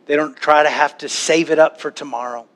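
A man preaching a sermon to a church congregation, animated, now and then acting out worried voices. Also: a little high, brisk. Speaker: pastor.

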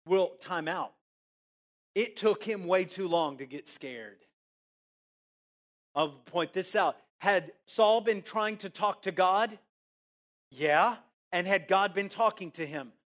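A man preaching a sermon in church, animated and casual, asking the congregation questions and answering them himself. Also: high voice, takes it slowly. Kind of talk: interactive sermon.

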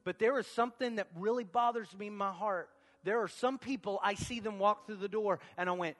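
Pastor, male, high bright voice; sermon delivery swinging between quiet and shouting; church hall reverb. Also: brisk, hardly any pauses, soft background music. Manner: builds from quiet talk to shouted preaching.

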